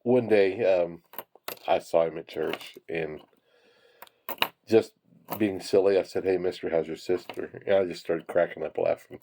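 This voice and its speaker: A man's voice: low-pitched, measured pace, long pauses, noisy background. A man telling rambling, chuckling anecdotes while sorting pennies. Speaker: penny hoarding hobbyist. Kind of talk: casual storytelling while sorting coins.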